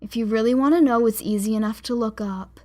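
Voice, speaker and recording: A woman's voice: on the high side, quick pace, warm tone, lightly acted. A woman narrator voicing a weary woman gym teacher who speaks in a tired, soothing and patient way. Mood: weary gentle.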